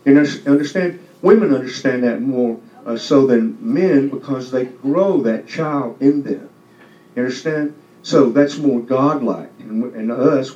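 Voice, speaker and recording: Guy testifying in a church, dark mellow voice, far off mic, echoey dull sound. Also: mid-range voice, normal speed. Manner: loose and conversational, keeps asking "you understand?". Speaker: church member giving testimony. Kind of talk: testimony to a congregation. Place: church hall.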